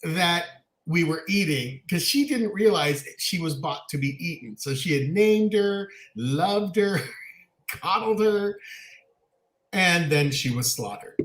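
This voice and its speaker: Animated storytelling man in an echoey room. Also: on the high side, slow. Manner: animated storyteller, laughs often. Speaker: co-host. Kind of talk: casual chat, storytelling.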